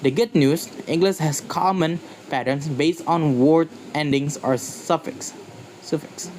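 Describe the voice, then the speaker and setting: A man's voice: on the high side, measured pace, background noise. A man giving a slide-based pronunciation lecture, speaking carefully and repeating example words to model their stress.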